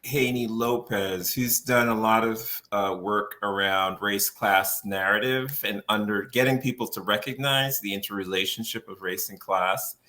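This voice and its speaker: A man's voice: lowish voice, unhurried, few pauses, bright, forceful tone. A man who is a policy researcher speaks as a guest on a podcast interview, explaining at length, often laughing and restarting his phrases as he thinks.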